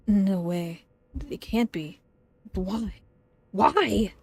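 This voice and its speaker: A woman's voice: mid-range voice, lively intonation, a little slow, long pauses, darkish tone, no echo. A woman streamer reading game dialogue aloud and reacting, easily frightened and jumpy. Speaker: streamer playing a horror visual novel.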